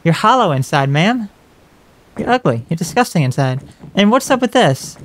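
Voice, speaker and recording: A man's voice: sits high, big pitch swings, moderate pace, slight background noise. A man casually commenting as he plays a horror game, talking wryly to its characters. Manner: wry, chatty remarks to game characters. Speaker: let's play host.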